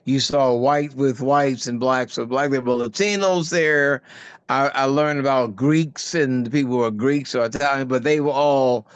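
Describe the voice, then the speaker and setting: Older guy rambling thru stories, laughs a lot, smooth clear voice, dry sound. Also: mid-range voice, measured pace, dry recording. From United States. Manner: rambling, animated, laughs often, searches for words. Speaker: guest actor. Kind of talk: casual interview storytelling.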